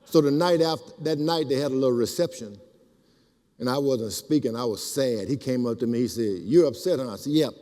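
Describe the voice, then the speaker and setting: An older man telling animated stories at a speaking event, acting out the voices in his quotes. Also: medium pitch, brisk. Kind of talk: storytelling speech. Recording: reverberant hall.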